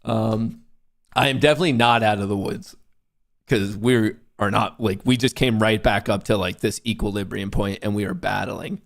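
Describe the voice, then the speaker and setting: Profane, excitable male trading streamer. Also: fairly low pitch, moderate pace, creaky. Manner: excitable, profane, jokey bragging. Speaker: livestream host, day trader. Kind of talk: casual livestream commentary.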